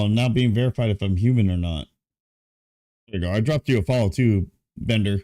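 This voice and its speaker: A man's voice: lowish voice, a little fast. Drowsy man streaming a game. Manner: relaxed, thinking aloud, yawning. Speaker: gaming streamer. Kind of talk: casual live gameplay commentary. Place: warm room at home.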